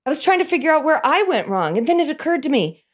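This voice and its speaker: A middle-aged woman telling a personal story in an animated way, chuckling as she goes. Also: high-pitched, fast talker.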